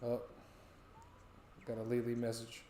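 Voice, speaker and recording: In a roomy, echoing space with slight background noise, a young American stream co-host banters with viewers, swearing freely. His mid-range voice is warm and unhurried, yet his delivery is completely flat.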